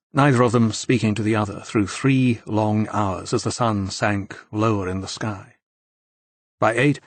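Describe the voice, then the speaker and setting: A man reading an audiobook in a measured, even narrating style. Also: fairly low pitch, dry recording. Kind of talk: scripted narration.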